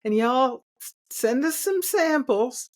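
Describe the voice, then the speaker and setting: A woman's voice: high-pitched, lively intonation, slow pace, voice pushed up. A woman putting on a drawling Southern sales rep.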